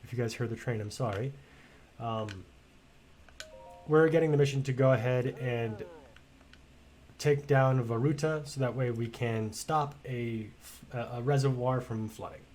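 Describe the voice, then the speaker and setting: A man's voice: mid-range voice, measured pace, long pauses, a little mellow, a little hiss or hum. Chatty, blunt male game streamer. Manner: chatty and blunt, swears freely, rambling asides. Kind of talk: casual let's-play commentary.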